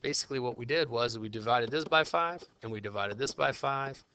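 A man's voice: mid-range voice, a little fast, sharp tone, clean tone, dry recording. A man teaching a casual math lesson, talking himself through calculations in an informal, chatty way. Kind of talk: casual classroom lesson, working problems aloud.

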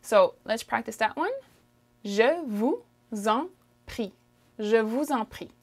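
A woman with a Canadian French accent teaching a French lesson, drawing out phrases slowly for the listener to repeat and checking in with "okay?". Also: fairly high pitch, expressive, breathy edge. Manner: slow, drawn-out pronunciation drills, frequent "okay?" checks. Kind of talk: language lesson, modelling phrases for repetition.

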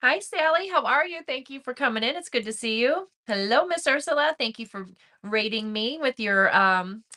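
A woman's voice: on the high side, lively intonation, normal speed, bright, forceful tone. A woman hosting a crochet livestream, chatting casually and greeting viewers by name as she reads the chat. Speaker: crochet channel host.

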